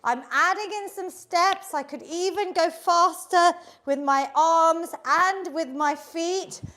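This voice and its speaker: A woman's voice: very high voice, slow, pushed and bright. A woman leading an online exercise class, upbeat and encouraging, counting down reps and a little out of breath from moving along. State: slightly out of breath while exercising. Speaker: fitness instructor. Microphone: video call setup.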